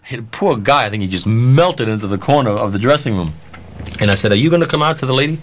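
A man's voice: medium pitch, fast, a little hiss or hum. A man, a concert promoter, telling a profane anecdote and acting out the dialogue. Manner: animated, profane, acts out dialogue. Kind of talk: storytelling anecdote.

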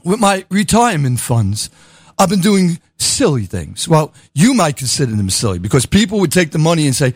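A man's voice: on the high side, very animated, moderate pace, breathy edge, no room sound. An older man hosting a radio show from his home studio, rambling in a sardonic, grumbling way with the odd curse. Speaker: radio host. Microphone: dynamic studio microphone.

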